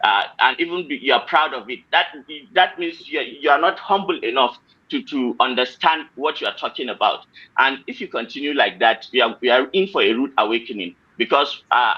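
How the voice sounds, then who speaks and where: Nigerian guy debating on a call, keeps restarting words, bright punchy voice. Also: mid-range voice, slightly rough, lo-fi sound. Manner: halting, many fillers and repeated words. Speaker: panelist. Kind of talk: heated online panel debate.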